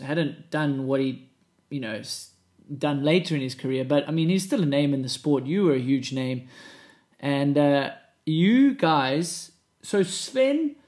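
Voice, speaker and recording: A man with a South African accent hosts a podcast in loose, laughing conversation. He tells anecdotes with an easy, conversational flow. His voice sits a little high for a man. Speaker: podcast host. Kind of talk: casual chat.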